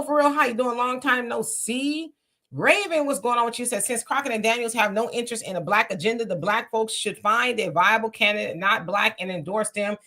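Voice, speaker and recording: A woman's voice: mid-range voice, a bit bright. A woman hosting a casual livestream, greeting viewers by name and reading their comments aloud. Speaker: livestream host reading chat. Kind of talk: casual live chat.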